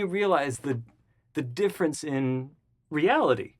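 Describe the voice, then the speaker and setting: A man guest in an interview, telling a story casually and acting out the voices of the people in it. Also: normal speed. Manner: animated, acts out the voices of people in his story; jumps high and loud when excited.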